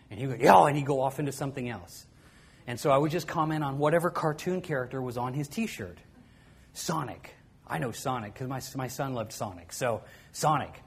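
Soft-spoken middle-aged man telling a story. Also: mid-range voice, slightly rough. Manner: conversational, often dropping to a quiet soft voice. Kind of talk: personal storytelling to an audience.

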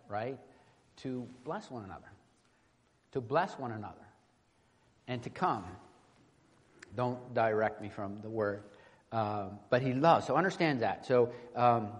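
A man preaching a conversational verse-by-verse sermon, restarting his sentences and checking in with the congregation. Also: medium pitch. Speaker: pastor. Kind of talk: expository sermon with scripture reading. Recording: long hall reverb.

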